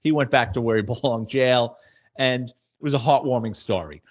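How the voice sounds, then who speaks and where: A middle-aged former police detective, casually telling wisecracking anecdotes in a blunt way. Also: male voice, mid-range voice, moderate pace. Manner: blunt, wisecracking, acts out quoted dialogue. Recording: slightly muffled audio.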